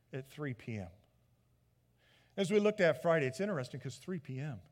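A man preaching a sermon as a pastor, retelling the story in a lively way and acting out the people in it. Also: fairly high pitch. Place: church sanctuary. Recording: long church reverb.

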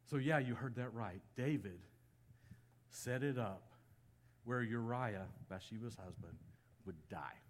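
A man preaching, retelling an old story with lots of expression. He acts out each quoted line, getting loud and high for outbursts and dropping to a near hush for the solemn parts. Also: slow, long pauses. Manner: storytelling, acting out quoted lines with swings of pitch and loudness. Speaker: pastor. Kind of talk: sermon.

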